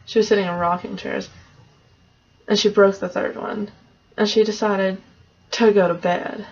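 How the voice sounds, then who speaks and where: A woman's voice: mid-range voice, fairly even intonation, measured pace, creaky, darkish tone, breathy edge. A woman casually retelling a fairy tale in a loose, conversational way, on a dull lo-fi recording. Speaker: storyteller.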